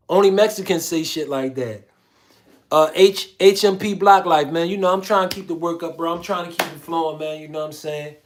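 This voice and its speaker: A man from Philadelphia hosts a casual livestream, reading viewer comments aloud in a slangy, laid-back way. His voice is on the high side and his pace is brisk.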